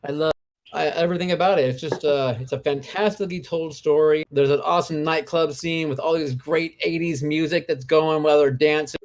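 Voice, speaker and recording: Enthusiastic, gushing man with a higher voice. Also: steady tone, fairly quick. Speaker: co-host. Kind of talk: casual podcast chat. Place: home, remote live show during lockdown.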